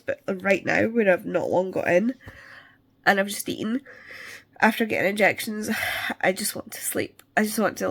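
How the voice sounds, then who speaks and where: A woman's voice: medium pitch, creaky, fairly bright tone. A woman chatting casually in a rambling vlog, losing her voice and congested, with many fillers. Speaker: book vlogger. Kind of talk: casual chat. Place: parked car, then at home.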